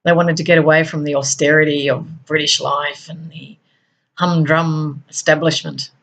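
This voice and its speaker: A middle-aged Australian woman with an Australian accent, speaking earnestly in an unhurried, reflective personal monologue. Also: sits low, little pitch movement, fairly bright tone, muffled recording. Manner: earnest, unhurried, with frequent laughs. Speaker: speaker on a talk show.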